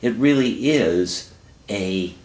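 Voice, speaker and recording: A man counseling someone in a calm, reflective, coaching way. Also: lowish voice, takes it slowly, roomy sound. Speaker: therapist and teacher. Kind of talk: counseling dialogue.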